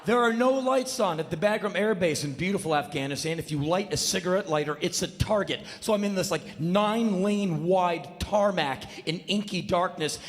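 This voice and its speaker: A man telling a comedic spoken word story on stage, punchy and animated. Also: high voice, normal speed, few pauses. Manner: animated, punchy, bursts into shouts. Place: stage in a large hall. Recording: long hall reverb, live show.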